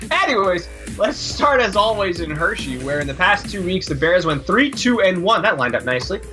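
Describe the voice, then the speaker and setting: A man talking hockey on a podcast in a high, animated voice. He rambles and cracks jokes as he goes, his tone bright and forward. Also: soft background music. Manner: rambling, jokey, quick asides. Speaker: podcast co-host. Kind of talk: casual sports chat.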